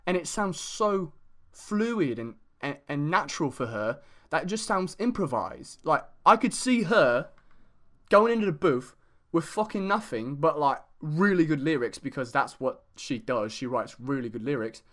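A man's voice: on the high side, measured pace. Sweary man in a fake English accent. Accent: put-on English accent. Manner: excitable and sweary, lots of fillers. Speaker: music reviewer host. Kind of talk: casual music review monologue.

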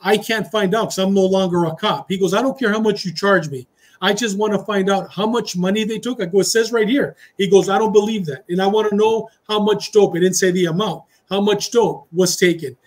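High-voiced middle-aged ex-cop telling a story. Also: male voice, brisk. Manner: animated storyteller who acts out dialogue, slipping into Spanish phrases. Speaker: retired police officer, podcast guest. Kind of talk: casual storytelling interview.

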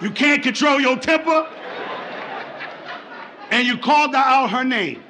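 A man with a strikingly high voice works a comedy club stage, loud and profane. He acts out both sides of the arguments in his bits. The live room recording carries noise and a laughing audience behind him. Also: measured pace, some chatter behind. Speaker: stand-up comedian. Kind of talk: stand-up comedy set.

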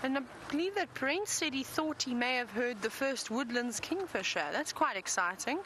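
A woman's voice: high voice, expressive, moderate pace. A woman presenting a live safari drive, chatty and enthusiastic, talking from an open vehicle in the wind. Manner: chatty, enthusiastic, self-deprecating.

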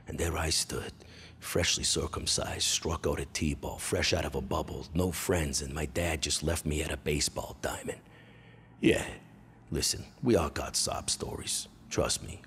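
A Canadian comedian in his forties hosts his own show, telling a crude, animated life story and bursting into loud impressions and yells. His pitch is extremely low, with slight noise in the background.

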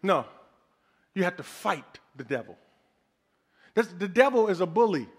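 High-voiced man preaching emphatically. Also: expressive, unhurried. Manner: emphatic, repetitive preaching with call and response. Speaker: pastor. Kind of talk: sermon.

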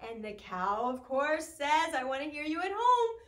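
A woman leading a sing-along music class for small children, with an animated, sing-song manner and playful animal sounds. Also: high-pitched, normal speed, roomy sound.

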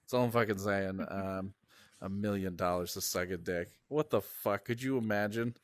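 A man's voice: sits low, normal speed, no room sound. A man doing a crude, rambling stand-up rant at home, swearing constantly and laughing at his own jokes. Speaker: comedian. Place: at home, indoors.

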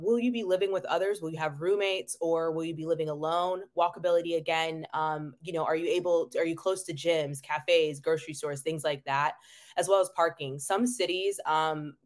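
Chatty woman full of ums. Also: low-pitched. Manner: many ums, laughs lightly, restarts phrases. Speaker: travel nurse giving housing tips. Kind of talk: casual webinar advice.

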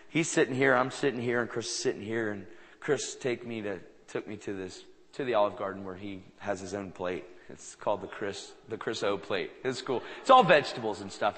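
Lively male preacher in a booming hall. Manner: animated, acts out dialogue in anecdotes. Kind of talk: sermon storytelling. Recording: long reverb of a large hall.

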